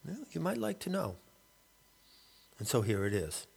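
A man calling himself a shaman, rambling through a halting spoken monologue and often searching for the right word. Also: medium pitch, very animated, creaky, a little mellow, breathy edge, long reverb tail. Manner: halting, searching for words, many restarts. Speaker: self-described shaman.

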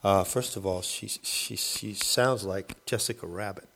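A man calling himself a shaman, rambling through a halting spoken monologue and often searching for the right word. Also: lowish voice, fairly even intonation, gravelly, a bit bright, in a large hall. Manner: halting, searching for words, many restarts. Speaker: self-described shaman.

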